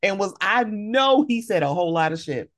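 A woman's voice: medium pitch, lively intonation, normal speed. A woman guest on a podcast in casual chat, talking bluntly and emphatically, with plenty of profanity.

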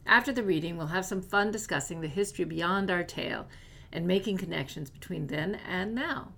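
A woman's voice: on the low side, brisk, gravelly, a bit bright. A woman co-hosting a podcast, giving a friendly, upbeat introduction to the episode. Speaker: podcast co-host.

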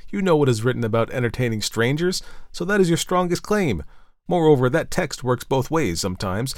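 A man's voice: medium pitch, no echo, clean studio sound, natural voice. A man voicing a cheerful young man who talks in a hearty, coaxing and teasing way.

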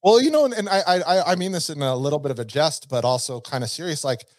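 A man's voice: a little high, animated, fast talker, no echo, clean studio sound. A man co-hosting a casual chat, rambling and hedging his points as he goes. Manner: rambling, hedging, frequent restarts. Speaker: podcast co-host.

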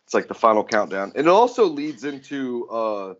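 A man's voice: mid-range voice, big pitch swings, normal speed. A man hosting a podcast, talking casually with lots of fillers and swearing. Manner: casual, profane, rambling with fillers. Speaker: podcast host. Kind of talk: casual chat. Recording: dull lo-fi sound.

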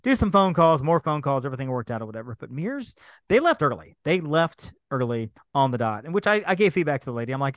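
A man co-hosting a podcast, telling a travel mishap as a lively story and acting out the back-and-forth. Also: a little high, a little fast, dry recording, studio quality. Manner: animated storyteller, acts out quoted exchanges. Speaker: podcast co-host. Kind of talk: casual chat, storytelling.

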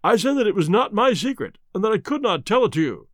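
Male narrator doing a stammering, pleading butler, audiobook; high and lively, dry. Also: quick pace, no room sound. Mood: defiant. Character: nervous, cornered middle-aged male butler.

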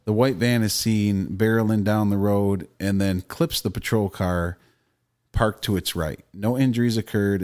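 A low-pitched man co-hosting a relaxed podcast. He talks loosely and bluntly, swearing as he reads out and riffs on news stories. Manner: loose, profane, opinionated. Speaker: podcast co-host. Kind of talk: casual podcast chat.

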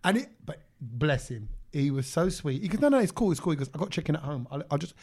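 Fast-talking high-voiced man. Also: breathy edge. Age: 40s or 50s. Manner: animated storyteller, rises high when excited. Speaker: podcast co-host. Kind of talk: casual storytelling chat.

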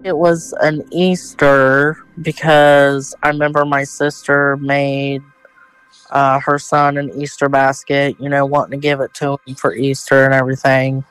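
A man's voice: medium pitch, little pitch movement, measured pace, a bit bright, clear, resonant tone, dry recording, soft background music, rough recording. A man with an Ohio accent telling a family story in casual, rambling speech full of fillers and retold dialogue. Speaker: interviewee, relative of the mother.

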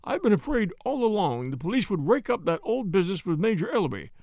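A man's voice: high voice, sing-song, fast, vocal fry, a little mellow, dry recording, voice pushed up, exaggerated voice. A man voicing an anxious, cringing middle-aged butler who stammers and pleads deferentially in an audiobook. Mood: pleading. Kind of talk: audiobook character voice.

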